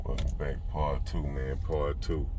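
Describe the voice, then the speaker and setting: A man's voice: extremely low pitch, level tone, measured pace, background noise. A man hosting a reaction vlog, laid-back and slangy, talking straight to his viewers. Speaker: reaction vlogger. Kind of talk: casual vlog commentary.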